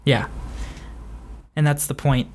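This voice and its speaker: A man's voice: fairly high pitch, fairly even intonation, takes it slowly, a little hiss or hum. A man hosting a podcast, chatting casually and hesitantly about his writing, with frequent ums. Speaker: podcast host and author. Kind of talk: casual chat.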